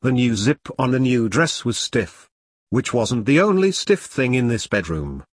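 A man reads a first-person detective story with dry, deadpan wit. His voice has a husky grain and moves expressively up and down in pitch, recorded close and dry with no room sound. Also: unhurried, dry recording. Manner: wry, deadpan, self-mocking. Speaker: audiobook narrator.

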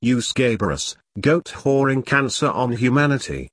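A raging, pompous leader of a secret order, put on by a man reading a story, barking insults in a husky voice whose pitch swings wildly. The storybook voice sounds close and dry. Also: big pitch swings, measured pace, fairly bright tone, no echo, full character voice.

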